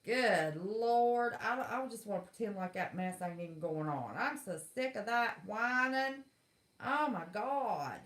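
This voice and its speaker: A woman's voice: fairly high pitch, lively intonation, unhurried, a bit bright. Exasperated woman livestreaming. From West Virginia. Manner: exasperated, folksy, blunt. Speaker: livestream host. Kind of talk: casual live chat rant. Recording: echoey room.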